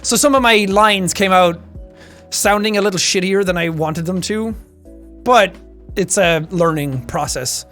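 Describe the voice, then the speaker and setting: A young Irish man chatting casually on a stream, animated and quick to laugh. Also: high voice, soft background music. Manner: animated, chatty, laughs often, slips into character voices.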